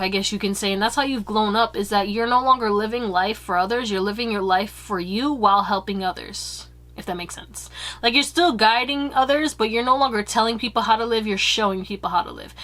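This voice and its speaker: Woman tarot reader, fairly high voice, loose and candid, casual swearing and slang. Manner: acts out quoted remarks in higher, louder voices. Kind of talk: casual pick-a-card tarot reading.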